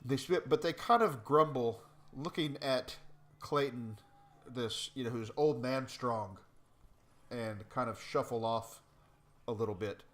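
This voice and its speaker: A man running a tabletop game as game master, explaining rules in a relaxed way with many hesitations. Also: medium pitch, unhurried.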